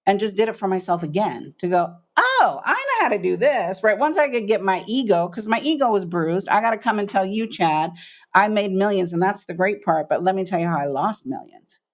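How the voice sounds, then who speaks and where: As a guest on an interview podcast, a middle-aged woman who works as a business coach shares her story with a medium-pitched, brisk voice. Emphatic and lively, she acts out the voices of people in the story.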